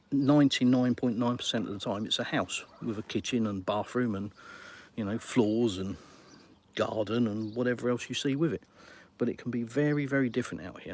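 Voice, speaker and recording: Chatty Englishman on a live stream. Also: mid-range voice. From England. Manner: chatty and matey, calls viewers mate. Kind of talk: casual live-stream chat reading viewer comments.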